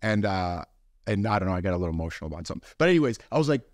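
A man in his thirties co-hosting a casual podcast, laughing easily and jumping up in pitch for quotes. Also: big pitch swings, rapid-fire, no room sound, studio quality. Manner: easygoing, laughs often, jumps up in pitch for quotes. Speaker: podcast co-host. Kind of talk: casual chat.

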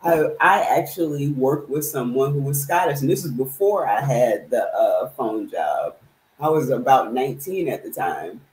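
A young man co-hosting a casual chat, reading out viewer comments and telling relaxed anecdotes. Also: medium pitch, normal speed. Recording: roomy echo.

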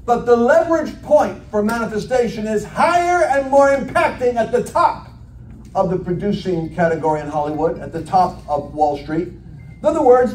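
High-voiced man preaching in echoey hall. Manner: animated, jokey preaching with quoted voices. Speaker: guest preacher. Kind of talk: sermon. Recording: echoey hall from far off, faint noise.

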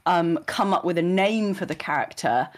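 Woman, interview guest; lively, laughs a lot, slips into quoted voices. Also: fairly low pitch, normal speed. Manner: animated, laughs often, acts out quoted voices. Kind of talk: casual interview chat.

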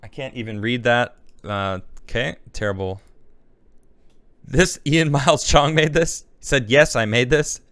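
A man's voice: mid-range voice, a little slow, a bit bright, no echo. A man hosting a show, chatting casually and rambling as he reacts to memes one after another. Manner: rambling, chatty, thinks aloud. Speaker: host.

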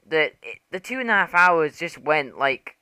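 Young male gaming host, casual and rambling, easily excited, bright edge, dry recording. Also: on the high side, normal speed, clean tone, no room sound. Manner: rambling, excitable, swears and laughs often. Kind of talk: casual gameplay commentary.

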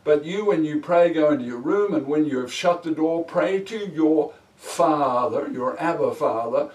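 A man teaching a Bible lesson as a sermon, slow and emphatic, stretching key words for weight. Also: fairly high pitch, darkish tone. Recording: echoey room, mic at a distance.

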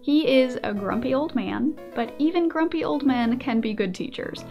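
A young adult woman hosting a casual commentary video, playful and animated, often laughing. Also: sits high, moderate pace, highs cut off, soft background music. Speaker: video essayist host.

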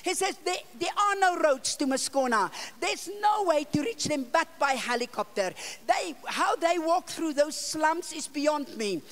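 An older woman with a South African accent tells a long mission story from the pulpit. Her voice sits high, and she acts out each line of dialogue, jumping between near-whispers and shouts. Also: a little slow. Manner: animated storyteller, acting out dialogue with sudden loud and soft turns. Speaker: evangelist preacher. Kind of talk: storytelling sermon. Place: church conference hall.

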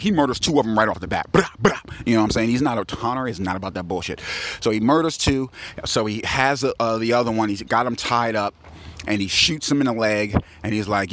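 A man's voice: mid-range voice, fairly bright tone, slight background noise. A male author casually retelling his own book's plot, slangy and profane. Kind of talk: casual storytelling about his book.

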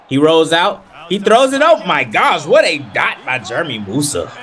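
A young man gives casual play-by-play commentary over his football video game. His slightly high voice swoops widely with hype and trash talk. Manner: animated, hyped, trash-talking. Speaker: gaming video creator.

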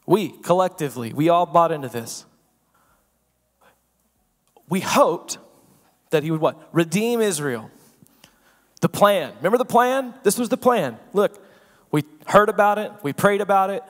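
A man preaching a sermon as pastor, swinging between loud emphasis and hushed asides and asking the room rhetorical questions. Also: sits high, lively intonation, a little slow, pauses often. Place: church sanctuary. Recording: long reverb of a church hall.

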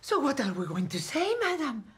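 An actress playing an anxious, deferential maid who speaks. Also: female voice, sits high, sing-song, a little fast. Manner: hesitant, deferential. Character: timid female maid, anxious and polite.

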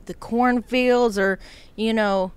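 Smooth, higher-voiced woman podcast guest. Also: steady tone, slow, no room sound. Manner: chatty, fillers, hedging. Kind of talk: casual chat.

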